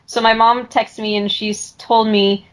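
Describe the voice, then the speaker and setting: A woman's voice: fairly high pitch, flat delivery, measured pace, rough recording. A woman co-hosting a casual podcast, teasing the others and laughing easily. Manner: teasing, giggly. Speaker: podcast co-host.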